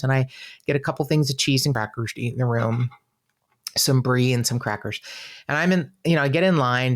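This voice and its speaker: A middle-aged woman from Southern California, co-hosting a podcast and telling a story in casual chat, swearing freely and acting out the other people's lines. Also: very deep voice. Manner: animated storyteller, swears freely, acts out quoted voices. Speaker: podcast co-host.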